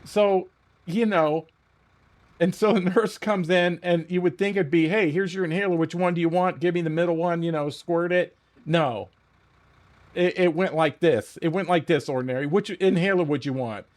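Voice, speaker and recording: Profane, animated man telling a story. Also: on the high side, normal speed. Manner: laughs often at his own story. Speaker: game streamer. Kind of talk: casual storytelling while playing.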